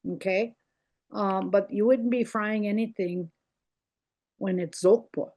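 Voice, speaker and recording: An older woman teaching a language lesson over a video call, repeating words slowly and explaining how they sound. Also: medium pitch, steady tone, a little mellow. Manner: slow, repeats words carefully, explaining pronunciation.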